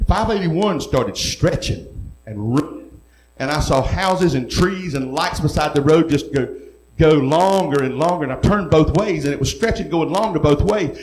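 A man's voice: fairly high pitch, a little mellow, slight background noise. A man preaching, telling his own testimony in an earnest, folksy way with rural speech. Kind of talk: sermon testimony. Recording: echoey room.

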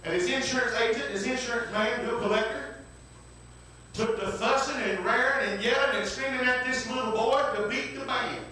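A man's voice: very high-pitched, normal speed, bright, forceful tone, slight background noise. A man preaching a folksy storytelling sermon, repeating himself and breaking in with hallelujahs and amens. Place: church. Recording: very echoey room, distant mic.

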